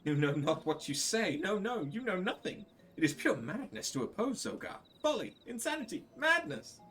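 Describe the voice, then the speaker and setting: A man's voice: big pitch swings, moderate pace, fairly bright tone, distant mic. A man putting on a whiny cowering kobold. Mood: panicked. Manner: repetitive, wailing, pleading, pitch jumping high. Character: fretful cowering kobold, male, small. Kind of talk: reading game dialogue aloud.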